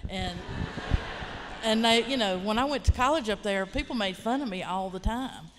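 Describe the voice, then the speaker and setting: A woman's voice: medium pitch, normal speed, a little hiss or hum. Southern Appalachian woman in her fifties, plainspoken rambling panelist, slight reverb from a large hall. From Appalachia, western North Carolina. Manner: frank, rambling, plainspoken, with mild swearing. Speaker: writer and college teacher on a panel. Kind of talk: casual panel storytelling.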